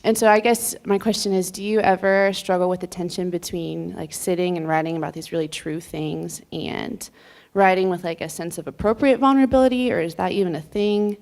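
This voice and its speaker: Young female audience member asking a question, hesitant, slightly low, vocal fry. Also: a little fast, darkish tone. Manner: hesitant, many ums and likes.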